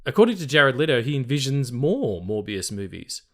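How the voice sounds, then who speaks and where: A man's voice: mid-range voice, very animated, moderate pace, a bit bright. Easygoing man hosting a film podcast. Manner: chatty, swears casually, reads trivia aloud. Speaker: podcast host. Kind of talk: casual film podcast chat.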